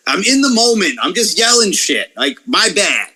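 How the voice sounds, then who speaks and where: A man's voice: high-pitched, normal speed, husky. A man talking in a casual podcast chat, ranting and swearing freely about online critics. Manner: profane, animated, ranting. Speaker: wrestling YouTuber guest.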